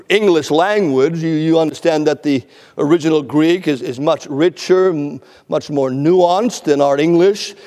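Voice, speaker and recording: A man's voice: on the high side, a little mellow, big-room sound. A man preaching an expository sermon, emphatic, repeating words for stress and often stammering on the first word.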